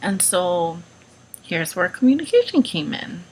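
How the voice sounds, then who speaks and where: A woman's voice: lowish voice, big pitch swings, measured pace, husky, poor audio. A young woman vlogging casually, chatty and full of "like" and "um" while she tells a personal story. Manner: chatty, lots of "like" and "um". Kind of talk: casual advice vlog storytelling.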